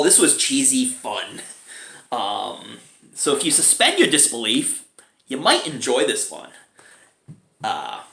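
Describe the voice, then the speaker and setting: A man talks through a film review in a loose, chatty way, breaking into chuckles between remarks. His pitch swings up and down with lively inflection. He sounds like he is in a roomy, echoey space.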